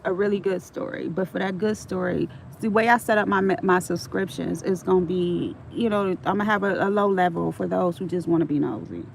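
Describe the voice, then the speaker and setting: A woman's voice: fairly low pitch, fairly quick, creaky, hardly any pauses, poor audio. A middle-aged woman telling stories on a casual livestream, frank and streetwise, swearing freely, with faint traffic noise behind her.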